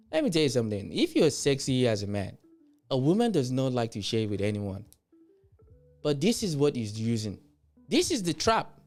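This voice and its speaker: A man's voice: a little high, big pitch swings, brisk, a little mellow, faint music behind. A Nigerian man hosting a livestream, blunt and mocking, who slips into Yoruba as he comments. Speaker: livestream host.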